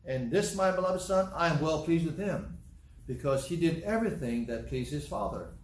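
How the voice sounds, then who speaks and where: A slow, solemn voice of God the Father proclaiming from heaven, as a man acting it out in a sermon. It rings through an echoey room and is picked up from some way off, with a faint hum of room noise behind. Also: a little high, animated, recorded from a distance, lightly acted. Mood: solemn proclamation.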